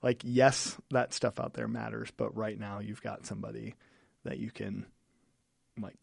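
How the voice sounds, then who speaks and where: An earnest male pastor with a gravelly, fry-laden voice works through his thoughts aloud, often restarting phrases. The recording is dry and close, with no room sound. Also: on the low side, little pitch movement, dry recording. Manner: earnest, halting, many restarts. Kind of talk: casual podcast chat.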